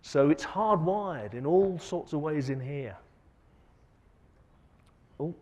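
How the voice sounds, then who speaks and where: A man's voice: a little high, lively intonation, takes it slowly. Emphatic male lecturer in a reverberant hall. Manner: poses rhetorical questions to the audience; uneven, emphatic delivery with sudden loud and soft turns. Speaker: keynote speaker. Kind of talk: conference lecture. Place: large conference hall.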